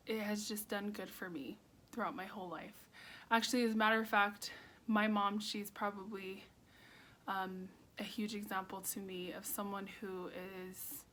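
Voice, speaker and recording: A young woman talks to her vlog audience in a casual, upbeat manner. She chats warmly about staying positive and laughs often. Her voice sits at an ordinary pitch over a faint background hum. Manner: chatty, upbeat, laughs often, drops to whispers. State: out of breath. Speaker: vlogger. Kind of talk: casual motivational vlog talk. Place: outdoors at first, city noise.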